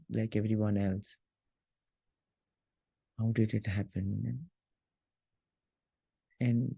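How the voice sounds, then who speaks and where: A man, an interview guest, talking in an earnest, halting way with frequent restarts as he recounts a personal memory. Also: lowish voice, vocal fry, mellow, husky, dry recording, dull audio. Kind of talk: emotional personal reminiscence.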